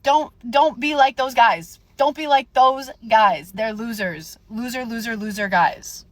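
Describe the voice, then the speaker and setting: Animated indignant young woman. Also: on the high side, measured pace. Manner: animated, indignant, acts out dialogue. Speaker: storyteller vlogger. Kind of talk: casual storytelling rant.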